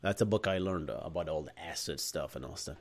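A man from Bahrain with an Arab accent, hosting a live tech lecture and answering chat, animated, shifting between loud bursts and quiet asides. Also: deep voice, quick pace. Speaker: live stream host.

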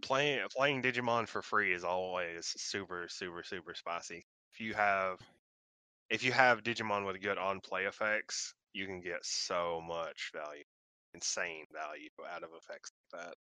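A man on a casual card game podcast, hesitant with fillers, reading card text quickly. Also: sits low, bright, forceful tone, no echo.

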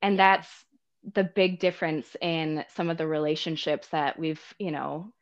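A woman talking as a podcast guest, telling personal stories in an animated, casual way and laughing often. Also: deep voice, normal speed, muffled recording. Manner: animated, laughs often, acts out quoted people. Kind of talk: casual storytelling chat.

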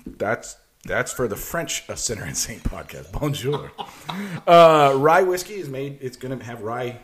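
Lively-voiced man explaining cocktails. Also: medium pitch, measured pace, a little hiss or hum. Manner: explains at length, laughs often. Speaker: podcast co-host mixing cocktails. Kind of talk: casual chat.

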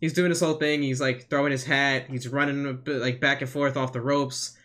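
A podcast co-host recaps wrestling in a loose, casual chat, rambling and hesitating with plenty of filler words. His voice sits in the mid range with little pitch movement, a bit bright, and he talks a little fast.

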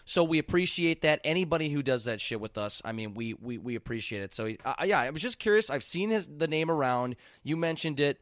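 A man's voice: a little high, animated, brisk, hardly any pauses, a bit bright, no room sound, studio quality. A man hosting a casual podcast, loose and profane, who laughs easily with his guest. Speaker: podcast host.

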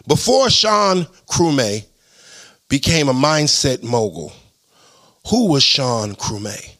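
A man's voice: medium pitch, sing-song, takes it slowly, fairly bright tone. A man hosting a podcast, talking in a playful, slangy way and reading ad copy. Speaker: podcast host. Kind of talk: casual interview.

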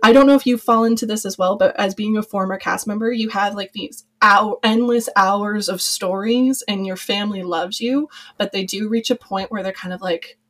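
A woman's voice: mid-range voice, steady tone, normal speed, hardly any pauses, fairly bright tone. A young adult woman, a podcast guest and former cast member, talking in a chatty, rambling way with many fillers. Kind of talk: casual podcast conversation.

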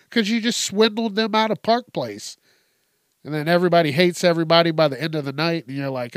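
A man's voice: on the high side, normal speed, long pauses, dry recording, studio quality. A man hosting a casual, profane news commentary show, telling odd stories with cursing and laughter. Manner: animated storytelling with heavy cursing and laughter. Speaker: host.

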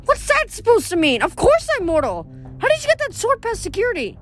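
Storybook teen girl , played by a woman reader: brash, blunt, machine-gun questions, pitched up high, soft music under. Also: wildly swooping pitch, exaggerated voice. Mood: startled. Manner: fast, blunt, exasperated questioning. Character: brash, chatty teenage girl, rapid-fire questioner.

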